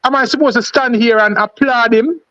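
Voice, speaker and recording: A man's voice: very high voice, moderate pace, bright, forceful tone. A man with a Jamaican accent co-hosting a casual sports live stream, asking things over and over. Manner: questioning, repetitive. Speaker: sports show co-host. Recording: muffled lo-fi audio.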